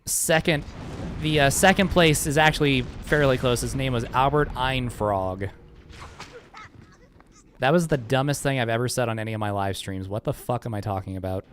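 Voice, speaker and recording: A man's voice: mid-range voice, normal speed, a bit bright, a little hiss or hum. A man chatting casually with his live-stream chat while speedrunning a game, joking sarcastically and swearing freely.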